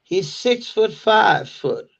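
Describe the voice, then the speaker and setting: Slow gravelly man with a dull lo-fi sound. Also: animated. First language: Danish. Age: 40s. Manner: laughs often, swears, mocks slang with loud high put-on quotes. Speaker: live streamer. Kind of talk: casual live-stream chat. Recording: dull lo-fi stream audio.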